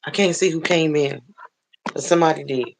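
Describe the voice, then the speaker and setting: A woman hosting a casual livestream on her phone, chatting warmly with viewers she calls baby and honey, greeting each one by name. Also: low-pitched, fairly quick, creaky, slight background noise. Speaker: livestream host.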